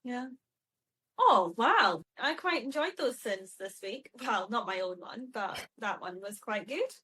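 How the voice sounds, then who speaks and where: A woman co-hosts a casual podcast with a fairly high voice. She is relaxed and affirming and keeps her replies brief. Her sign-off is easygoing. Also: unhurried, slightly rough. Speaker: podcast co-host. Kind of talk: casual chat.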